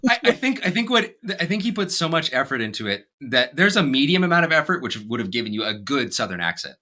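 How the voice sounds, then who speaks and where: Bright, lively male podcast host. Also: mid-range voice, fast. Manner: excitable, laughs often. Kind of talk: casual podcast chat.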